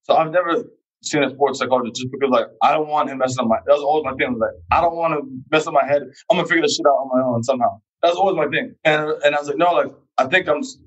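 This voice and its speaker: A man's voice: mid-range voice, racing, muffled recording. Laid-back young man with a London accent. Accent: London English. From England. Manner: relaxed, laughs easily, quotes himself in little voices. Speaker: fencer, guest. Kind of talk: casual chat.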